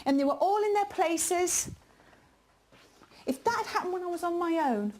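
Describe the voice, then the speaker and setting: A woman with a high, light voice runs a live ghost hunt. She talks in urgent, pleading appeals to the spirits, asking them to knock and whistle. Faint noise sits behind her. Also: lively intonation, moderate pace, a little mellow. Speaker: lead investigator and presenter. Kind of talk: live paranormal investigation. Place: indoors, dark haunted building.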